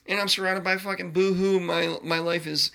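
A man's voice: high voice, flat delivery, normal speed, gravelly, pushed and bright. A man hosting a podcast, talking in a blunt, profane, rambling monologue. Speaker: podcast host. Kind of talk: casual ranting monologue.

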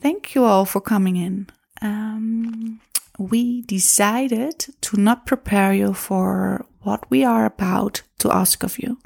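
A woman imitating a calm male retreat coach who speaks slowly and builds suspense with deliberate pauses, while telling a personal story. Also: medium pitch, vocal fry, husky, full character voice. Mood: serious, measured.

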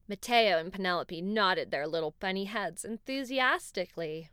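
A woman hosting a children's podcast, narrating a bedtime-style story in a gentle, warm way. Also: fairly low pitch, lively intonation, normal speed, few pauses, no echo, clean studio sound.

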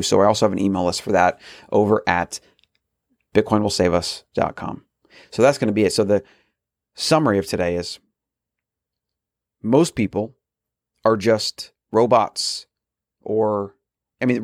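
Low-voiced man hosting a solo podcast. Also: no echo, studio quality. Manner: earnest, rambling, with frequent restarts. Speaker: podcast host.

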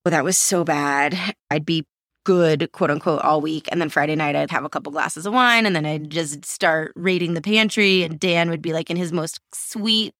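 A woman in her forties tells stories about herself, candid and quick to poke fun at herself. Her voice sits fairly low for a woman, and the sound is close and dry. She talks casually, acting out her old thoughts with lively turns. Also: no echo. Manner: candid, self-mocking, animated storytelling. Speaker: podcast host. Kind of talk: casual interview answers.

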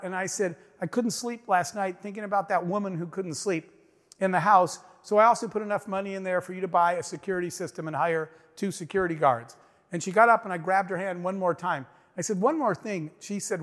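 A man with a high voice gives a motivational talk to a crowd. He tells a story with emphasis and acts out each line of dialogue. The sound rings with the long reverb of a big hall. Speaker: business owner giving a speech.

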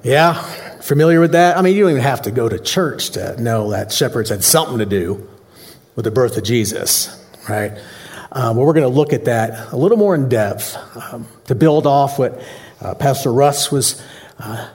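A man preaching a holiday sermon with a joking, conversational delivery. He talks with his congregation and often asks them questions. His voice sits at an ordinary pitch for a man. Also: animated, normal speed, a little mellow. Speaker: pastor. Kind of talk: Christmas Eve sermon.

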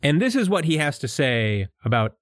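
A man's voice: a little high, very animated, moderate pace, no room sound, studio quality. A young man with a mixed New York and Philadelphia accent, co-hosting a casual podcast, exasperated and swearing often. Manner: profane, exasperated, laughing often. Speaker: podcast co-host.

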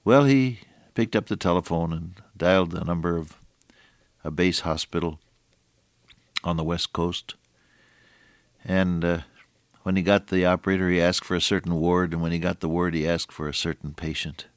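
An older man preaching a sermon, moving between hushed storytelling and raised, emphatic exhortation with slow, deliberate phrasing. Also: low voice, steady tone, dry recording, studio quality.

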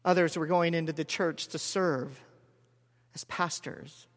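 A man in his forties preaching a sermon as a story, measured with dramatic pauses and soft drops. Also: fairly high pitch, fairly even intonation. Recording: long hall reverb.

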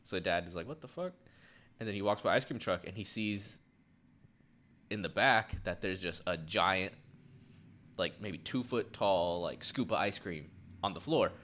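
A man co-hosting a casual podcast, swearing freely and retelling a story with animated quoted lines. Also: deep voice, moderate pace. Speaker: podcast co-host. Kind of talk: casual chat.

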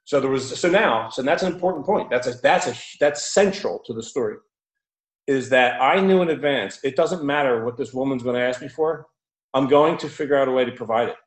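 A man tells a story in a casual, animated way, laughing now and then and leaning on fillers. His voice sits at a middle pitch. A roomy echo surrounds him. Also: fairly quick.

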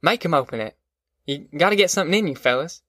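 A man's voice: fairly high pitch, lively intonation, fast talker, a bit bright, no echo, pitched above the performer's own voice. A weary but firm farm mother, as a male narrator puts her on, speaking in clipped, commanding rural speech. The voice sits raised well above his own, recorded dry and close. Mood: urgent.

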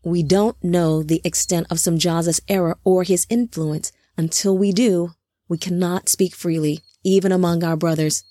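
Firm angelic male leader, grave and measured; a woman reads him, lowish voice, dry close mic. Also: steady tone, mellow, no room sound, natural voice. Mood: stern.

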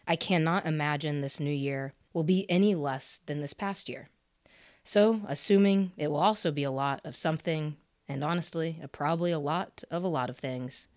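A woman's voice: deep voice, darkish tone, no room sound, clean studio sound. A woman in her thirties hosting a podcast, giving a candid, earnest and emphatic solo reflection. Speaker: podcast host.

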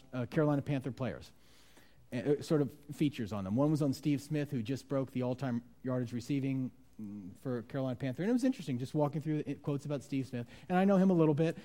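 Man preaching a conversational sermon, mellow voice. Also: medium pitch. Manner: conversational preaching, acts out quoted voices with sudden loud outbursts. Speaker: pastor.

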